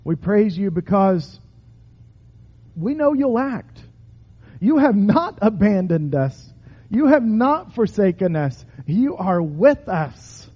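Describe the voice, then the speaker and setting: A man preaching and praying in a sermon, with measured, emphatic delivery and repeated phrases. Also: sits high, very animated, slightly rough. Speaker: pastor. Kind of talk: sermon prayer. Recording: reverberant hall, dull lo-fi sound.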